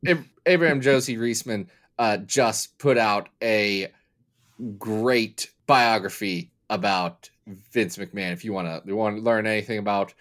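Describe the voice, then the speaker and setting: A man's voice: fairly low pitch, measured pace, a bit bright. A man from Kentucky co-hosting a podcast in casual chat, joking and drifting into long explanatory tangents. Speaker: podcast co-host.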